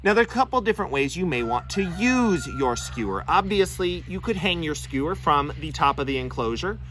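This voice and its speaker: A young man hosts an instructional pet-care vlog, his voice sitting slightly high. He explains things in an earnest, step-by-step way, often pausing on "uh". A faint noise hums under the recording. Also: animated, fairly bright tone. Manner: earnest, explanatory, frequent filler "uh". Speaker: bird-keeping video host.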